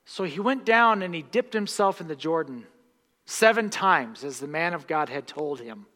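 A man preaching a sermon as pastor, impassioned, swinging from hushed words to loud bursts. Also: a little high, expressive, moderate pace. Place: church sanctuary. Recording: long reverb of a church hall.

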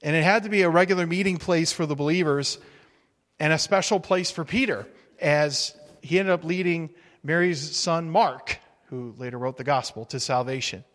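A male pastor preaching a sermon in a relaxed, humorous, conversational way, acting out little quotes. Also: on the high side, moderate pace. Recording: reverberant hall.

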